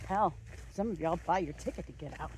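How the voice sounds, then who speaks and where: A woman's voice: on the low side, brisk, a little mellow, a little hiss or hum. A middle-aged woman vlogger delivering a heated, emphatic and sarcastic rant, recorded outdoors while on a walk. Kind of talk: angry rant.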